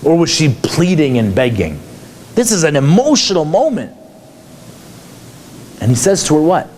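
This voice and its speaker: A man's voice: a little high, sing-song, moderate pace, a little mellow, slight background noise. A man giving a conversational lecture to a class, asking many rhetorical questions. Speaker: psychologist teaching a class.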